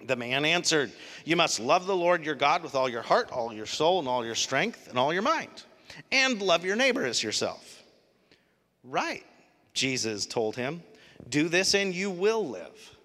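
A man delivers a sermon as pastor, his fairly high voice bright and forceful. He moves between hushed asides and loud, animated emphasis. The long reverb of a large hall trails behind each phrase. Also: unhurried. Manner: animated, swings from soft to loud.

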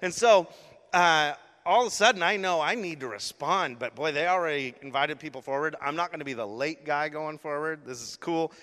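Middle-aged male pastor, bright and forceful voice, emotional storyteller, in a big reverberant hall. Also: a little high, a little fast. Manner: emotional, storytelling, with acted-out gasps and quotes. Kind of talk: sermon testimony.

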